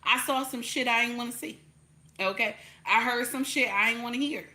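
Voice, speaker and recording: A woman's voice: on the high side, moderate pace, pushed and bright. A woman with a New Jersey accent giving blunt, repetitive livestream commentary, peppered with profanity and "okay?" checks. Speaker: online commentator.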